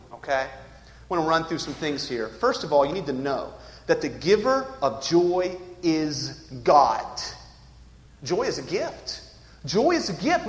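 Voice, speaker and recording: A male pastor preaching with a high voice that leaps up and down in pitch. He tells stories, quizzes his listeners, and drops to near-whispers between louder peaks. The sound rings with long reverb in an echoey church hall. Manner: animated, swinging from loud peaks to hushed near-whispers; asks the congregation questions, storytelling. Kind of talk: sermon.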